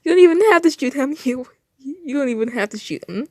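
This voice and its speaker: A woman's voice: high-pitched, animated, fairly quick, a little mellow, dry recording, clean studio sound, voice pushed up. A woman voicing a cheeky, smug personified ancient nation while reading fanfiction aloud, in a teasing, snickering manner. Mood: mocking.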